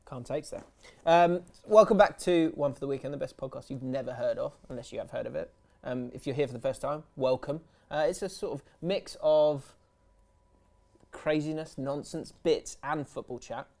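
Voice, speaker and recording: A man's voice: fairly high pitch, moderate pace, vocal fry, a little mellow. A man hosting a casual podcast, chatty and teasing, often mimicking his friends mid-story. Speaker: podcast host. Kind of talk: casual banter.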